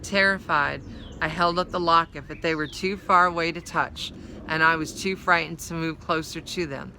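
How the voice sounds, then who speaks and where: Woman reader, measured and expressive, narrating a children's story; very bright tone. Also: low voice, a little hiss or hum, rough recording. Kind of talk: reading a children's novel aloud.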